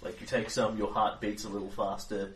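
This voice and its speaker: A man's voice: lowish voice, flat delivery, brisk, fairly bright tone. A man running a tabletop game as game master, joking with players and explaining rules at length. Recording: roomy distant recording, faint hiss.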